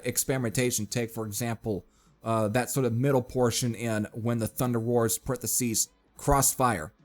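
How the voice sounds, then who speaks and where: A man giving a casual spoken review of a metal album, chatting to his viewers as folks and filling pauses with uh. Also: mid-range voice. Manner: chatty, addresses viewers as folks, frequent fillers.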